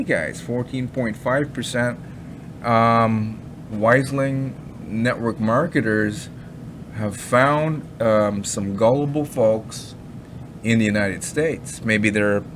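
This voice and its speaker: A crypto commentary vlogger rambles in a casual chat, skeptical and mocking, full of fillers and asides. His voice is mid-range, and there's background noise.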